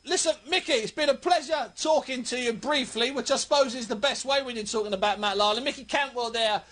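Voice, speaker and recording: Man, radio boxing host, high voice, emphatic and chatty. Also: fast talker, sharp tone. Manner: chatty, emphatic, reels off fight facts. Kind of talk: radio talk show hosting.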